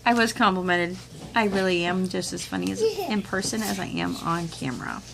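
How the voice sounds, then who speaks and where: Middle-aged mom chatting at home about her homeschool haul, lively and expressive, little bit of noise in the background. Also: medium pitch, moderate pace, gravelly. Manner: chatty and animated, acts out quoted voices with laughs and whispers. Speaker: homeschool vlogger. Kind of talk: casual chat, showing a curriculum haul. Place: home room with children nearby.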